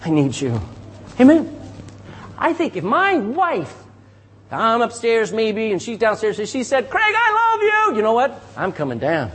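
A middle-aged man preaching a sermon as pastor, lively, calling for responses from the congregation. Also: sits high, unhurried, a little hiss or hum.

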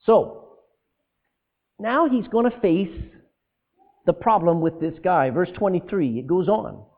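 A man preaching a sermon, animated, asking the congregation rhetorical questions and breaking into asides. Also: sits high, takes it slowly. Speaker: pastor. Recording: tinny phone-like lo-fi sound.

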